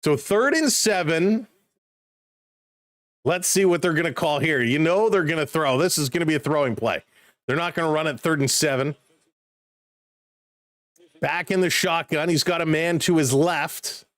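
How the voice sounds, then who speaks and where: A man casually calling football play-by-play on a live stream, chatting excitedly with viewers. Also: on the high side, normal speed, no echo.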